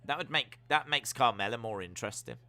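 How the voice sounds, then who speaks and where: A man giving jokey live reactions while watching a wrestling show, now and then letting out sudden loud yells. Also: mid-range voice, animated, brisk. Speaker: wrestling watch-along streamer.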